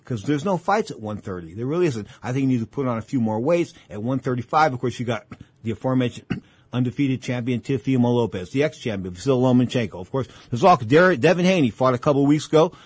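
A man's voice: mid-range voice, lively intonation, fast, husky, no room sound. A man hosting a boxing talk show, rambling in casual commentary and repeating himself as he tells fight stories. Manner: rambling, repeats himself, acts out old exchanges.

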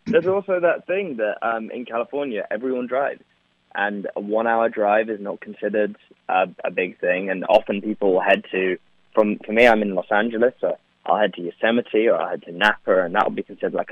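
A man's voice: on the low side, brisk, dry recording. Young Englishman on a tinny phone line. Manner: chatty, laughs often, many fillers. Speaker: actor, interview guest. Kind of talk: remote interview.

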